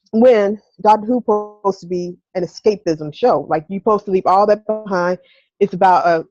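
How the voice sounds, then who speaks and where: A woman's voice: mid-range voice, darkish tone, dry recording. A woman co-hosting a casual podcast, making her point in an earnest, rambling, opinionated way. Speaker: podcast co-host. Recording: dry muffled lo-fi audio.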